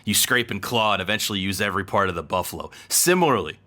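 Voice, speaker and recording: A man hosting a podcast, introducing segments in a wry, measured way. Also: on the low side, expressive, sharp tone.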